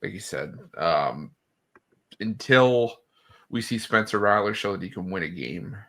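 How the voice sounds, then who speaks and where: Co-host, very low gravelly voice, forceful tone, hesitant analytical delivery. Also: male voice, animated, measured pace. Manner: hesitant, many fillers. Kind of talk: casual sports betting chat.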